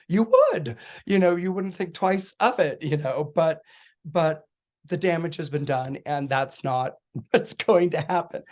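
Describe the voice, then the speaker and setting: This is a middle-aged man with a fairly high voice, explaining astrology in a relaxed podcast chat. He tells little stories, acts out quoted lines and laughs often. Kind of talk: casual explanatory talk.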